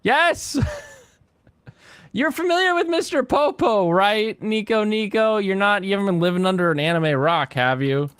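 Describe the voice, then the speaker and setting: A man's voice: sits high, measured pace, clear, resonant tone, no echo. A man streaming a game who chats, rants and laughs often, speaking into a close desk mic. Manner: animated, ranting, laughs often. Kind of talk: casual gaming stream chat.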